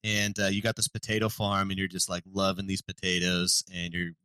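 A man's voice: sits low, brisk, clear, resonant tone, dry recording, rough recording. A man co-hosting a podcast, casually retelling a history story and acting out the people in it. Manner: animated storyteller who acts out quoted characters. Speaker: podcast co-host.

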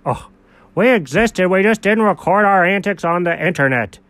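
A man co-hosting an improvised comedy show, playing the exasperated straight man in quick back-and-forth. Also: sits high, lively intonation, fairly bright tone, no echo. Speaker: comedy co-host.

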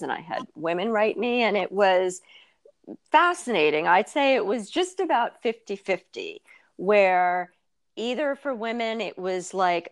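A woman in her fifties, a writer being interviewed, talking candidly and thoughtfully with many fillers and restarts. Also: on the low side. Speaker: guest, writer and blogger. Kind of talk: casual interview conversation.

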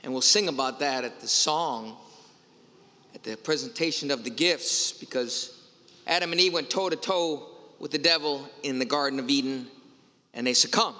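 A man's voice: mid-range voice, pushed and bright, in a large hall. A man, a pastor, giving a Sunday homily in a conversational, storytelling way with playful asides. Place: church.

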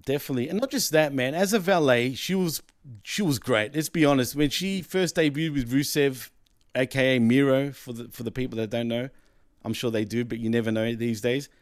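A man co-hosting a casual wrestling podcast, chatty and quick to laugh, often saying "let's be honest". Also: mid-range voice, no room sound, clean studio sound. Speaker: podcast co-host.

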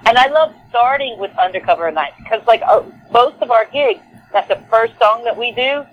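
A woman with a Southern accent, talking as a guest in a relaxed interview. Her voice sits high for a woman. She rambles eagerly, trips over her words and restarts often. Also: normal speed, phone-quality sound, a little hiss or hum. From Texas, USA. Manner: chatty, animated, many fillers and restarts. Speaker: lead singer, guest. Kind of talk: casual interview chat.

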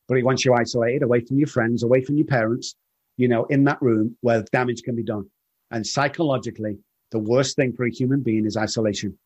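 A middle-aged man telling his recovery story in an interview, earnest and halting, often repeating words. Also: medium pitch, steady tone, darkish tone, slightly rough. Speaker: guest in recovery.

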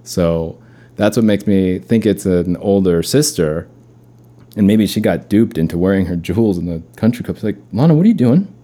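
Rambling man with a dark, low voice. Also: steady tone, moderate pace. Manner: rambling, storytelling, chuckling. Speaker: podcast host. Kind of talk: casual rambling commentary.

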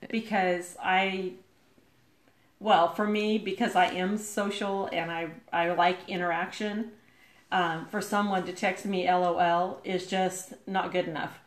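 A woman's voice: on the low side, level tone, a little slow, reverberant. A sociable woman talking casually as a guest, earnest and laughing often between points. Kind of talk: casual conversation.

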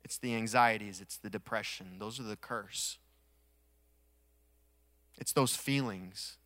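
A man preaching a sermon in a conversational way, swelling to emphatic peaks and dropping to quiet asides, with touches of humor. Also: fairly low pitch, slow, no room sound. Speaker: pastor.

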